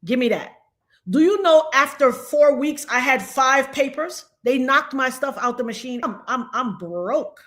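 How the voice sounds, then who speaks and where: A woman from Trinidad, a guest on a live stream, telling a story in a dramatic, animated way over a call mic. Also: high voice. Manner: dramatic, animated retelling with acted-out quotes. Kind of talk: casual storytelling.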